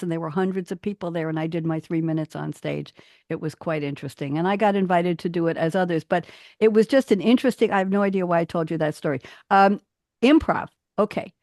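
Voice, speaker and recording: Animated woman reading poems aloud. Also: no room sound, clean studio sound. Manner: animated, rising pitch on emphatic phrases. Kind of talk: casual chat and poetry reading.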